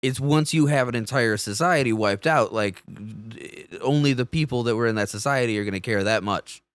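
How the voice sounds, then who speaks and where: Smooth-voiced wisecracking male podcast co-host. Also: mid-range voice, normal speed, no echo, clean studio sound. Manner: jokey, wisecracking with pop-culture asides. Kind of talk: casual podcast chat.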